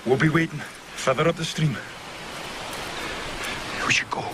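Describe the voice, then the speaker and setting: An actor with a Scottish accent playing a brave young Highland soldier who speaks low, calm and firm. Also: male voice, unhurried, lightly acted. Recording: TV clip with noise behind.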